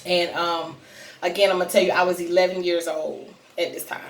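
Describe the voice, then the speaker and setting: A woman's voice: fairly low pitch, little pitch movement, a little fast. A woman vlogger casually telling a personal story to her viewers, chatty and direct with plenty of fillers. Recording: roomy sound, distant from mic.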